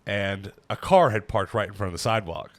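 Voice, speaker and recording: A man's voice: fairly low pitch, a little fast. A man in his thirties hosting a casual chat, rambling and self-mocking as he tells stories. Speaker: channel host.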